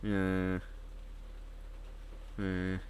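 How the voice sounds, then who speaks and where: A man's voice: low-pitched, completely flat delivery, extremely slow, a little mellow. A man chatting playfully as a podcast guest who keeps slipping into joke voices. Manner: playful, drops into silly voices. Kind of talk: casual chat.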